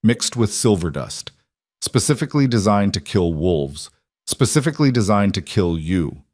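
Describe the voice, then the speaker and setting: A man's voice: on the low side, sing-song, moderate pace, a little mellow, no room sound, clean studio sound. A man voicing a cruel, sneering young werewolf villain who mocks his brother in an audiobook. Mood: cold. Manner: taunting, mocking.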